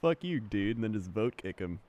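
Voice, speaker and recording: A man's voice: lowish voice, big pitch swings, a little fast, darkish tone, no room sound. A man co-hosting a stream, giving short agreeing replies, reading donations and cracking crude jokes. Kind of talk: casual stream chat.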